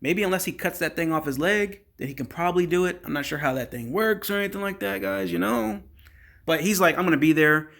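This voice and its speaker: A man's voice: on the high side, brisk, creaky, a bit bright. A man casually recapping a reality show episode, chatting straight to his viewers. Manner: chatty, conversational, addresses viewers as guys.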